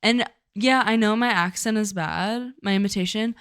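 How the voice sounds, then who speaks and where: A woman co-hosting a podcast in casual chat, chatty and animated with lots of fillers. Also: medium pitch, moderate pace, clean tone, dry recording, studio quality. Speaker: podcast co-host.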